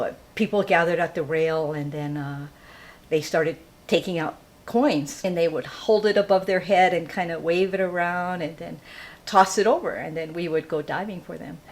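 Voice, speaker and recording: Older woman from Hawaii, live storyteller, animated and laughing, acts out the people in her story. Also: on the low side.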